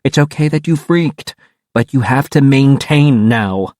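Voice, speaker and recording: A man voicing a calm teenage girl who talks a frightened boy through a crisis, coaxing and steady, in an audiobook reading. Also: medium pitch, a little slow, no room sound, studio quality, close to an everyday voice. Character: teen girl, gentle but persuasive.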